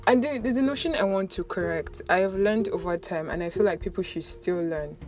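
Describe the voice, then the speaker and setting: A young Nigerian-accented woman talks casually to her viewers, telling stories in an animated way. She laughs a lot and often repeats words. Background music plays clearly underneath her voice. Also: medium pitch, fairly quick. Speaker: vlogger. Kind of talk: casual chatty storytelling.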